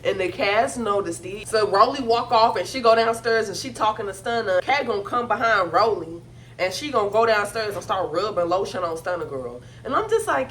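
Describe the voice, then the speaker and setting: A woman with a slightly high voice gives a casual recap of a reality show. She talks bluntly and gossips freely in heavy slang, swearing often. Faint noise hums behind her. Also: brisk, sharp tone.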